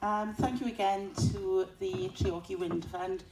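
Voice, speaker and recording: A woman's voice: mid-range voice, fairly even intonation, a little slow. A woman thanking a fund on behalf of a school, hesitant and correcting herself. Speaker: school representative. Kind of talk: short speech at a community event. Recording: echoey hall from far off, faint noise.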